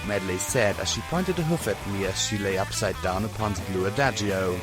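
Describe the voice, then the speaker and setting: Low voiced guy reading an audiobook slow, music going behind. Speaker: audiobook narrator. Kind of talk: scripted narration. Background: background music.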